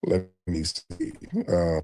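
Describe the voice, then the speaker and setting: Host: man, lowish voice, blunt and mocking with callers, dry close sound. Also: flat delivery, slow, mellow, no room sound. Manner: blunt, teasing, bossy with callers. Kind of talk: live call-in show.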